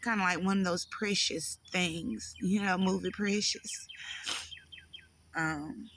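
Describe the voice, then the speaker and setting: Gravelly woman telling her life story. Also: lowish voice, fairly even intonation, fairly bright tone, slight background noise. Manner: halting, emotional, with pauses and fillers. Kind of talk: personal life story told to camera.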